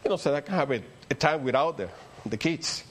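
A man's voice: a little high, expressive, a little fast, fairly bright tone, a little hiss or hum. An older man with a Spanish accent, a native Spanish speaker, preaching a rambling, story-filled sermon that builds to emphatic peaks. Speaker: pastor.

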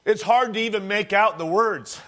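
A preacher with a high-pitched voice delivers a sermon as dramatic storytelling. He speaks directly to his listeners, calling them friends, as he builds the scene. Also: moderate pace, fairly bright tone.

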